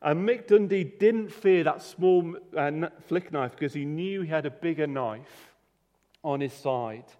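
A man's voice: on the high side, a little slow, highs cut off. A man preaching a sermon in a conversational way, often restarting and repeating words. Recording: reverberant hall.

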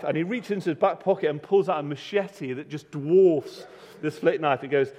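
A man's voice: fairly high pitch, moderate pace, hardly any pauses, darkish tone. A man preaching a sermon in a conversational way, often restarting and repeating words. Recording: reverberant hall.

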